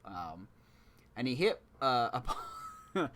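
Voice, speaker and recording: A man's voice: mid-range voice, big pitch swings, moderate pace, fairly bright tone. A man co-hosting a sports podcast in loose, rambling, jokey casual chat. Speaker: podcast co-host.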